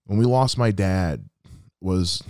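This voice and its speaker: Slow, expressive and low-pitched, with a darkish tone and no room sound, this solo podcast host is a man in his thirties. His monologue about someone close to him is heartfelt, earnest and reflective, punctuated by quoted asides.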